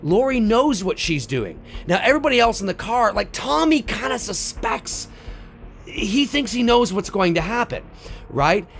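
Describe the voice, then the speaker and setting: A man hosting a video, excitedly and profanely retelling a film idea scene by scene and acting out the moments. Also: high voice, moderate pace, faint music behind. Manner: excitable, profane, acts out scenes and sound effects. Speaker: video host pitching a film sequel idea. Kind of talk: animated casual retelling.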